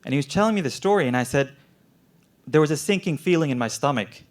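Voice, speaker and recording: A man's voice: fairly high pitch, expressive, quick pace. Young man performing earnest spoken word. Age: young adult. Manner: earnest, emotionally intense storytelling. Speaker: medical student performer.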